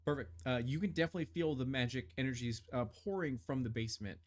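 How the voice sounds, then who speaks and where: A man's voice: medium pitch, fast talker, darkish tone. A man running a tabletop game as game master, describing scenes with many fillers and restarts.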